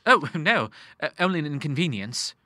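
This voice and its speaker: A man's voice: fairly high pitch, big pitch swings, normal speed, bright, forceful tone, no echo, studio quality, heavily acted. A man reading an audiobook, voicing a young man who speaks hesitantly and apologetically to his father.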